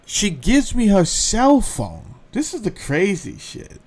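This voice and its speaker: Male podcast host, comedic storytelling, profane, lively swinging pitch, slightly high voice. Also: slow. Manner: profane, animated, acts out quotes.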